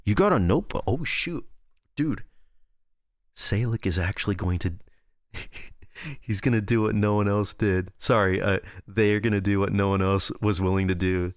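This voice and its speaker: A man's voice: fairly low pitch, moderate pace, no echo. A young man chatting casually on a livestream from a close desk microphone. He rambles and loses his train of thought, reads chat, and makes fun of himself. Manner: rambling, self-deprecating, reads and answers chat. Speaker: streamer.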